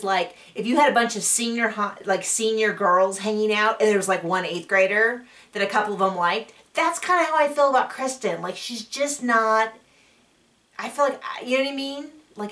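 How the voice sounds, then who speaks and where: A woman chatting casually as she recaps a show, rambling and acting out quotes in a higher voice. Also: normal speed, fairly bright tone, far from the mic. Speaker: recap vlogger.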